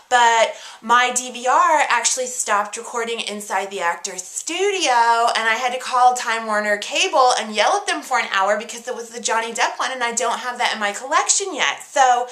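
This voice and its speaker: A woman's voice: on the high side, bright, forceful tone, echoey room. A woman playing an indignant young actress who rants in a projecting, over-enunciated, dramatic way. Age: young adult. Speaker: comic video diarist. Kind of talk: scripted comedy character monologue.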